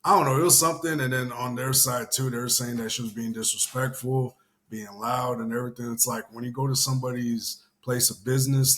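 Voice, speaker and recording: A man's voice: mid-range voice, steady tone, brisk, fairly bright tone. Rambling, profane man from Houston. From Houston area. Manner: rambling, swears casually, many fillers. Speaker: show host. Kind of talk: casual commentary chat.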